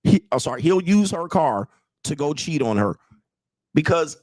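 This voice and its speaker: A man's voice: fairly high pitch, sing-song, moderate pace, a little mellow, no echo, studio quality. A man hosting a livestream, lecturing viewers in a blunt, profane way and laughing between points. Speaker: commentator, channel host. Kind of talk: livestream commentary rant.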